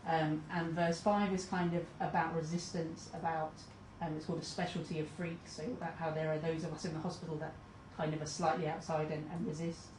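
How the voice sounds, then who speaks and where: A woman's voice: sits low, flat delivery, fairly quick, few pauses, background noise. Hesitant woman speaker in a roomy hall. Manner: hesitant, many ums, reads quotes aloud. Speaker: conference speaker. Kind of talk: presentation talk. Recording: roomy hall recording from a distance.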